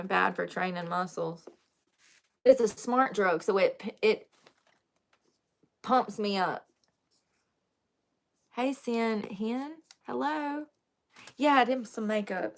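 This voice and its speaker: Young woman, casual vlogger, joking and candid, mid-pitched. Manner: chatty, joking, confessional, laughs often. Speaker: vlogger doing makeup, chatting with viewers. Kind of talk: casual live-stream chat.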